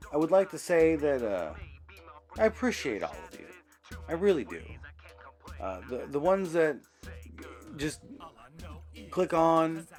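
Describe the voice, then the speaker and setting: Rambling man giving a casual channel update. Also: fairly high pitch. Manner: rambling, full of fillers and self-corrections. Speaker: YouTube channel host.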